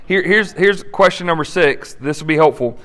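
A man, a pastor, leading a conversational faith discussion and closing in prayer, earnest and quick to laugh. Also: on the high side, fairly bright tone. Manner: earnest, laughs often, acts out quoted prayers.

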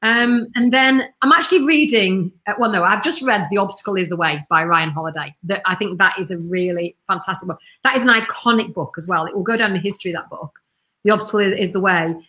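Bright, chatty businesswoman. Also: medium pitch, fast talker. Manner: enthusiastic, talkative, blunt. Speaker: marketing business owner, podcast guest. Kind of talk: casual interview chat.

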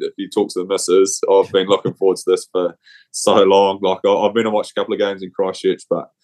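A young man with a New Zealand accent and a cold, chatting in a rambling, slangy, laid-back way as a podcast guest. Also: sits low. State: has a cold. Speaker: rugby player guest. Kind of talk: casual chat.

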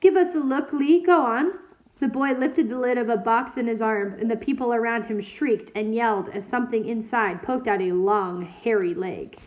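A woman reading a children's novel aloud in a steady, clear storytelling manner. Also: on the high side, moderate pace, few pauses. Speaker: reader. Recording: tinny phone-like sound.

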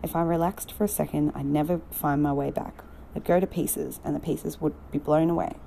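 A woman's voice: sits low, fairly even intonation, creaky, dark tone, a little hiss or hum. A woman reading the lines of a troubled young woman, earnest and pleading. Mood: distraught. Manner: earnest, pleading, quickening when upset.

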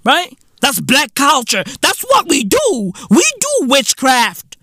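A South African man hosting a comedic podcast, ranting with profane, mocking energy and sudden jumps up into high exclaims. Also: huge pitch swings, slow pace, pushed and bright, no room sound, studio quality. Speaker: podcast host.

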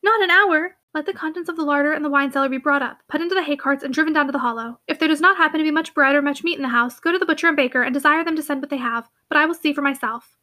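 A proud, blunt young lady of the manor gives orders in a brisk, commanding way, read by a woman. The voice sits high and bright and the pace is quick. Audiobook reading.

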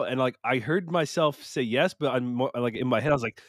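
A man's voice: mid-range voice, fast talker, few pauses, no room sound, studio quality. Rambling self-mocking man. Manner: rambling, self-mocking, acts out what he told himself. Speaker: podcast co-host. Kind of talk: casual podcast chat.

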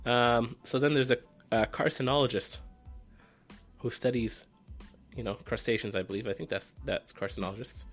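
A man's voice: medium pitch, steady tone, normal speed, faint music behind. A man co-hosting a podcast in casual chat, joking and laughing as he recounts posts. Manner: laughing, joking, reads posts aloud in funny voices. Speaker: podcast co-host.

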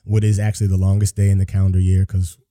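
A man talking as a podcast guest in relaxed, casual conversation, often acting out what other people say. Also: low voice, fast talker. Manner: relaxed, acts out quoted voices.

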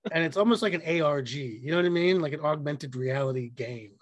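A man's voice: fairly high pitch, a little fast, no echo. A young man co-hosting a podcast, rambling and joking in casual chat, swearing freely. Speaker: podcast co-host.

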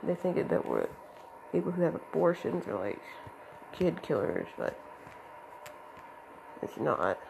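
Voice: medium pitch, very animated, slow pace, creaky, pauses often, background noise. A young adult rambling hesitantly in a casual monologue to camera, with a voice cracking from allergies.

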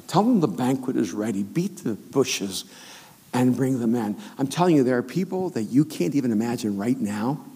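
A middle-aged man preaching a sermon as a pastor, telling a story with animated delivery and acting out the voices of the people in it. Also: medium pitch. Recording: long reverb of a large hall.

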